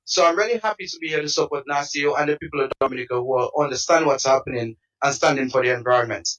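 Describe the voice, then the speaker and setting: High-voiced man, heard from afar. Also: rapid-fire, fairly bright tone, faint music behind. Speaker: protest supporter. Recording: distant mic.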